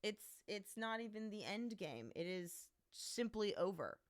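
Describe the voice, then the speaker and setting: A woman streamer chatting casually at home, playfully scolding her cat, with loud outbursts and low mutters. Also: very animated, measured pace. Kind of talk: casual live-stream chat.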